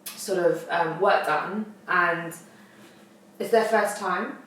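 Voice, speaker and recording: A woman's voice: fairly low pitch, fairly even intonation, slow, fairly bright tone, a little hiss or hum. A woman co-hosting a podcast, rambling as she searches for words and laughs it off. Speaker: podcast co-host. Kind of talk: casual chat. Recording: roomy echo, distant mic.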